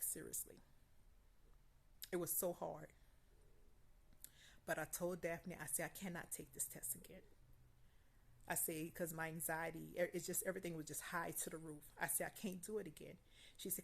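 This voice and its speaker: A woman recounts a personal story in a casual vlog. Her low voice has a gravelly, creaky edge. She tells it animatedly, repeating lines and acting out the back-and-forth with a friend. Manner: animated, repetitive storytelling with dramatic quoted dialogue. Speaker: vlogger.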